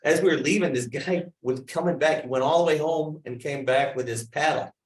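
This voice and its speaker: This village board member has a fairly high voice and a fairly quick pace as he talks through an issue at a public meeting, telling anecdotes conversationally. Faint noise drifts through the roomy meeting hall.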